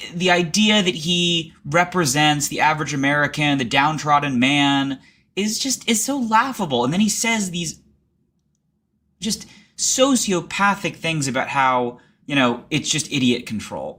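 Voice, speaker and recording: A man co-hosting a political commentary show, his pitch swooping up and down with lively energy. He rants with sarcasm and plenty of profanity. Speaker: co-host.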